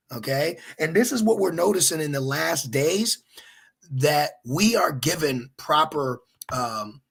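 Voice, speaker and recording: Man, gravelly and husky, a religious teacher who gets animated and keeps checking in with his listeners. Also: fairly high pitch. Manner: animated, exhorting, repeats "okay?". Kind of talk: informal teaching while searching online.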